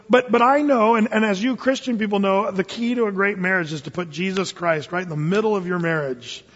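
A high-pitched man in his fifties preaching a sermon in a church sanctuary, his voice carrying a long reverb through the hall. He tells his stories in a loose, conversational way, often restarting his sentences. The recording sounds dull and lo-fi. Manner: conversational storytelling, animated with frequent restarts. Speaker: pastor.

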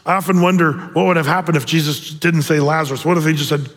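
Animated man preaching in a reverberant hall. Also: high voice, fast, few pauses. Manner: animated storytelling with playful voiced asides. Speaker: pastor. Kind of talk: sermon.

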